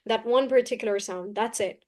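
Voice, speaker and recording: Brisk woman teaching online. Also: on the high side, a little mellow. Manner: brisk, repeats key phrases, coaxing. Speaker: English teacher. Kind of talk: live online class.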